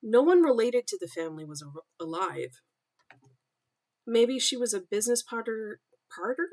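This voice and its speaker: A woman's voice: a little high, expressive, normal speed, darkish tone. A young woman streamer reading her own story aloud on a casual livestream, breaking off to laugh, swear and comment on her own writing.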